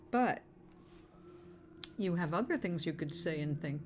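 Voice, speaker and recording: A woman's voice: on the low side, lively intonation, measured pace, a little hiss or hum. A woman giving a casual self-help talk, chatty and informal, with fillers and the odd swear word.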